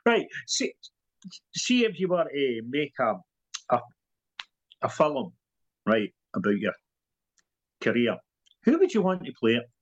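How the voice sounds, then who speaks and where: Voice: mid-range voice, big pitch swings, unhurried, long pauses, breathy edge. A host chatting casually and playfully with a guest. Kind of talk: casual interview chat. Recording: dull lo-fi sound.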